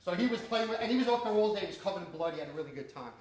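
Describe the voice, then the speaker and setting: A man's voice: sits high, racing. A man, an independent filmmaker telling profane, laughing stories to an audience after a screening. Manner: profane, laughing, animated storyteller. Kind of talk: casual storytelling Q&A. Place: small cinema screening room with an audience. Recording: echoey room from far off, audience chatter.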